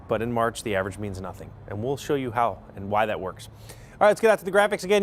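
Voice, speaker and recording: A male meteorologist giving a chatty TV weather forecast, rambling into asides and correcting himself as he goes. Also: on the high side.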